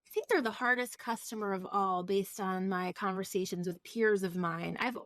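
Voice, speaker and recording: A woman's voice: mid-range voice, moderate pace, a bit bright, no room sound. Dry-miked reflective woman podcast guest. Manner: thoughtful, reflective, laughs easily. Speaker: recruiting firm founder, podcast guest. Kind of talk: casual podcast conversation.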